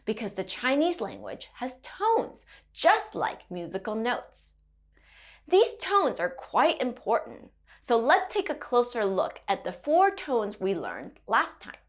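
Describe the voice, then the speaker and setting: A woman leads a children's language lesson with a cheerful, teacherly manner. Her voice sits a little high and moves up and down a lot. She speaks slowly and lays out each word with care. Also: wildly swooping pitch. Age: adult parent. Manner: cheerful, slow and clearly enunciated, teacherly. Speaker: Mandarin teacher.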